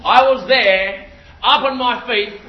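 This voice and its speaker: A man in his thirties preaching a sermon, telling stories with lots of energy, repeating phrases and shouting out impressions. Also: extremely high pitch, slow, roomy sound, muffled recording. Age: 30s.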